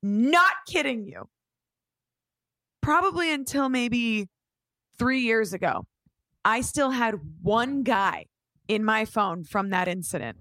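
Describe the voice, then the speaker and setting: A woman in her thirties casually telling an animated story, swearing now and then and acting out what people said. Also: on the high side, slow, long pauses, dry recording, clean studio sound.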